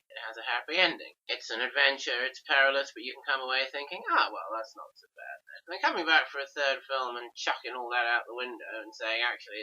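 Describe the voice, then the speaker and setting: Man with a piercingly bright voice. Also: mid-range voice. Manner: reflective, builds long spoken arguments. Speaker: podcast host. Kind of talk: casual film discussion. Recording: dull lo-fi podcast audio.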